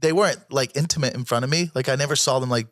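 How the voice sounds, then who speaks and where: A man's voice: medium pitch, rapid-fire, a bit bright, dry recording, clean studio sound. A man who is a comedian guest on a podcast, telling rambling, profane stories in casual chat and often cutting himself off. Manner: rambling, profane, self-interrupting storytelling.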